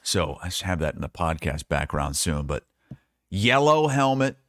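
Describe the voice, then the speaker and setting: Man from Iowa, low voice, dry close recording, teasing podcast co-host. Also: big pitch swings, normal speed, no echo. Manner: teasing, storytelling. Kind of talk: casual sports chat.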